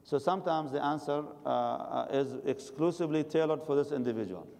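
A man's voice: on the high side, expressive, brisk, gravelly, darkish tone, in a large hall. A man giving a religious lecture and answering questions from the audience, advising his listeners directly. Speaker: religious teacher.

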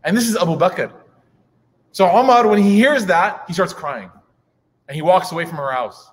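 A man's voice: sits high, lively intonation, moderate pace, pauses often. A man in his thirties giving a humorous religious talk to an audience, chatty, with joking asides and many fillers. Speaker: preacher. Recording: reverberant hall.

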